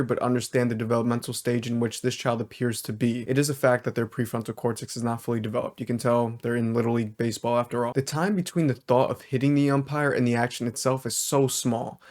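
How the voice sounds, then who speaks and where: A male social worker narrates his reaction to a video in a measured, explanatory way. He hedges his points carefully, in an ordinary mid-pitched voice.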